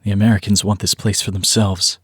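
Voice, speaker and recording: A man's voice: fairly low pitch, little pitch movement, brisk, slightly rough, no echo, studio quality. A man voicing a stubborn, frustrated father who talks bluntly and with exasperation.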